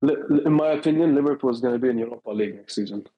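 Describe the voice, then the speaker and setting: A man, a guest on a football podcast, giving his picks in a hesitant, halting way. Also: mid-range voice, husky, dull audio. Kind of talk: casual chat.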